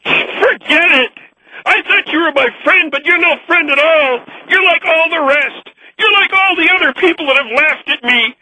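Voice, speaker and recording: A man's voice: very high voice, unhurried, pauses often, bright, forceful tone, pitched above the performer's own voice, heavily acted, poor audio. A man voicing a fragile, whiny grown man who sobs out his self-pity on a radio comedy call. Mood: hurt, sobbing. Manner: weepy, sobbing self-pity.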